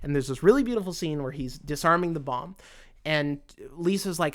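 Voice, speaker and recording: A man's voice: a little high, fairly quick. Earnest man telling a story. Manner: earnest, emotional; animated storytelling. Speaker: commentator. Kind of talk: casual spoken essay.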